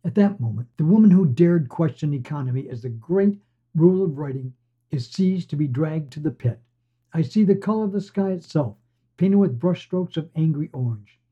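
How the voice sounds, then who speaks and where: A man hosting a podcast and reading fiction aloud in a steady storytelling voice. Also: on the high side, normal speed, slightly rough. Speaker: podcast host and reader. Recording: dull lo-fi recording.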